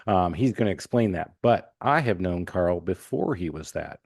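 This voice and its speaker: A man hosting a podcast, telling stories in a lively, joking way. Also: deep voice, moderate pace, gravelly, husky, dry recording, studio quality. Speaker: podcast host. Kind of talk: casual podcast conversation.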